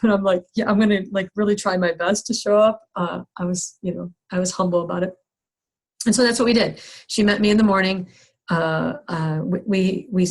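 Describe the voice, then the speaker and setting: A middle-aged woman counselor telling a candid, self-deprecating personal story in a skills workshop, with many restarts and fillers. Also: fairly low pitch. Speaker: counselor teaching a skills session.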